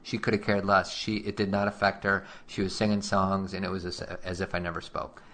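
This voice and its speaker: A man hosting a parenting podcast, telling stories from home in a reflective, soft-spoken way. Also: deep voice, little pitch movement, brisk, a little hiss or hum. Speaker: host. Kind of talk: casual podcast chat.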